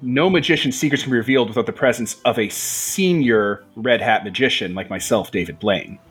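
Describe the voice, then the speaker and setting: A man voicing a pompous male stage magician who speaks slowly and grandly. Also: medium pitch, a bit bright, slightly rough, soft background music, pitched below the performer's own voice. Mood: grandiose. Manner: slow, grandiose, self-important.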